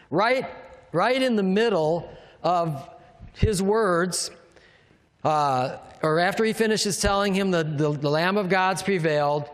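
Male pastor, high voice, emphatic sermon delivery, quizzes the congregation, hall reverb. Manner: emphatic, asks the congregation questions.

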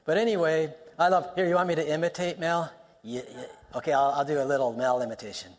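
A man's voice: a little high, steady tone, fast talker. A male pastor preaching a sermon, emphatic, repeating lines for stress and weaving in personal stories. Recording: long reverb of a large hall.

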